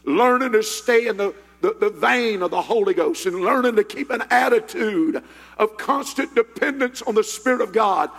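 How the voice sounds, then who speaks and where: A man preaching a Pentecostal sermon as a pastor, telling a story in a low voice and then building up to shouted praise. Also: lively intonation, normal speed, long reverb tail.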